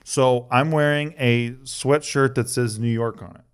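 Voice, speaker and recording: A man's voice: mid-range voice, fairly even intonation, unhurried, clean tone. A man co-hosting a podcast, telling a story in casual chat with lots of swearing and acted-out quotes. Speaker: podcast co-host.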